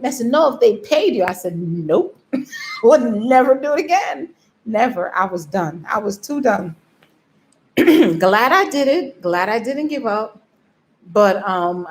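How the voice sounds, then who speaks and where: A woman vlogger telling a story in a casual way, laughing often and acting out what she told herself. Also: mid-range voice. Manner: animated, laughs often, acts out her own inner voice.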